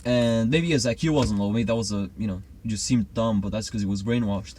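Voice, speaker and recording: A man's voice: fairly low pitch, fairly quick, darkish tone, slight background noise. A man chatting casually and rambling confidently through a conspiracy theory. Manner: rambling, self-assured. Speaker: co-host.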